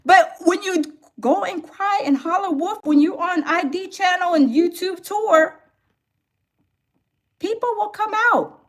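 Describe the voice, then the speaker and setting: A woman hosting a gossip reaction show, animated and laughing as she talks straight to her viewers. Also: very high-pitched, a little slow. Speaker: commentary host.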